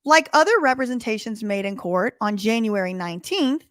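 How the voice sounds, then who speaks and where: A woman's voice: fairly high pitch, animated, normal speed, fairly bright tone, no room sound, clean studio sound. Sassy woman reading court papers. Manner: sassy, conversational, explains legal terms, self-corrects. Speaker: commentary channel host. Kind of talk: casual legal commentary, reading court documents aloud.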